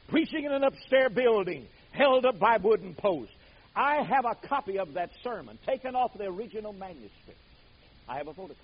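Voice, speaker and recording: An older man preaching a sermon, telling stories dramatically, booming out some words and dropping others to a hush. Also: slightly rough, highs cut off. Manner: dramatic storytelling, swings from booming to hushed.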